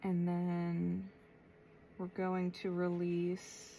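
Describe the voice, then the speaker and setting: A woman tarot reader speaks in a low, unhurried voice, drawing out her words with long reflective pauses as she thinks aloud. Faint noise sits behind her. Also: completely flat delivery, creaky, warm tone. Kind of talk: slow, reflective spiritual channeling.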